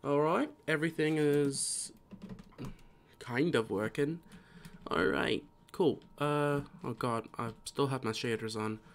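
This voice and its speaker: A man's voice: a little high, takes it slowly, a little hiss or hum. A tired man streaming a game live, casually rambling and muttering to himself as he plays.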